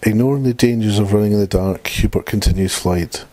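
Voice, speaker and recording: Husky low-voiced man reading a story. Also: fast talker, dark tone, no room sound. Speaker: narrator. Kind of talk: reading a dark short story aloud.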